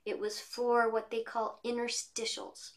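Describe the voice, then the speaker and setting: Voice actress on a video call, chatty, tells stories, lively. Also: female voice, on the high side, measured pace, a loud crowd. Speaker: voice actress guest. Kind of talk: casual interview chat. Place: home studio.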